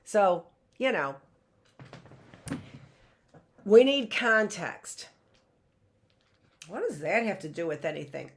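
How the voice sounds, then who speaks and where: A middle-aged woman teaching an early reading lesson, chatty and direct, sounding out words slowly. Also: on the low side, very animated. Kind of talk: online classroom lesson.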